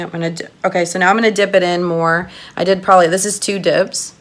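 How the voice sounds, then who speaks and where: Excitable woman doing makeup. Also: fairly low pitch, fast talker. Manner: gushing, excitable, chatty with viewers. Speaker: makeup artist doing a tutorial. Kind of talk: casual makeup tutorial.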